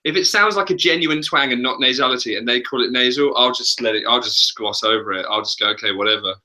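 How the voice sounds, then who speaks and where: A man's voice: mid-range voice, fast, pushed and bright. A man, a vocal coach, chatting casually on a webinar and laughing often.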